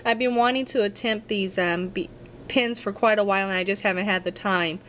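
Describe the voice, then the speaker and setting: A woman's voice: medium pitch, steady tone, fairly quick, fairly bright tone, a little hiss or hum. A woman giving a casual crafting tutorial, chatty and a little apologetic, talking to herself as she works at her craft table.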